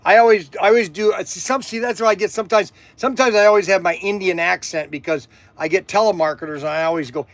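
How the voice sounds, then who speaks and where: A man's voice: high voice, fast talker, few pauses, fairly bright tone, no room sound. An older man hosting a toy shop video, chatting casually with rambling jokes and restarts. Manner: rambling, joking, self-interrupting. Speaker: host of a toy shop channel. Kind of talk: casual chat on camera.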